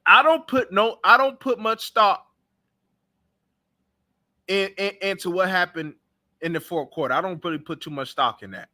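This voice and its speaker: A man's voice: high-pitched, moderate pace, long pauses, pushed and bright. A young man hosting a sports talk show, ranting casually and bluntly about his team and trash-talking its players. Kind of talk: casual sports reaction rant.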